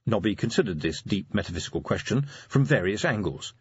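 A man's voice: deep voice, lively intonation, brisk, hardly any pauses, slightly rough, no room sound, muffled recording. A man narrating a story in a dry, wry storytelling manner. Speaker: audiobook narrator. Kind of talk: scripted narration.

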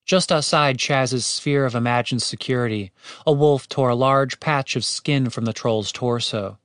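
Male audiobook narrator, steady wry reading, dry close mic, mid pitch. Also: measured pace, no echo. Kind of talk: scripted narration.

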